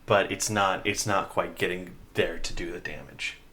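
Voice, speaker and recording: A man narrating a tabletop game as game master, in a measured, descriptive way with many fillers. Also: low voice, fairly even intonation, sharp tone.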